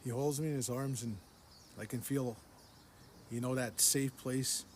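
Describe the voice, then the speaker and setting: A man's voice: mid-range voice, steady tone, a little hiss or hum. Earnest New man recounting a dream. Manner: earnest, repeats phrases, halting restarts. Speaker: social media storyteller. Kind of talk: casual spoken storytelling.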